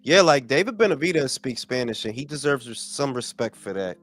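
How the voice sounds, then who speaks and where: A man hosting a casual boxing chat show, animated and profane, joking with friends. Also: medium pitch, brisk. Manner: animated, profane, bursts into mock Spanish impressions. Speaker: podcast host.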